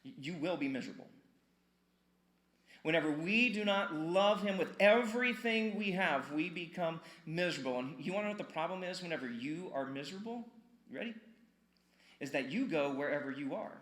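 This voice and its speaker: A man preaching a sermon in an echoey church, with a bright, forceful, fairly high voice. He talks to the congregation like he is chatting with them, firing off questions and repeating key words for emphasis. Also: expressive, brisk. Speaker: pastor. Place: church sanctuary.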